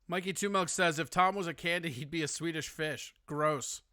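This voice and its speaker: A man's voice: on the high side, normal speed, bright, forceful tone, dry recording, studio quality. A man hosting a casual call-in show, teasing and joking with his guest. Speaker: host.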